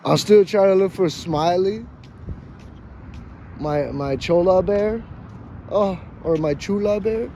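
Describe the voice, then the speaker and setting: A man with a high, mellow voice rambles slowly through a comic monologue, swearing freely and slipping in Spanish slang. He is outdoors on a walk. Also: slight background noise. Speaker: vlogger.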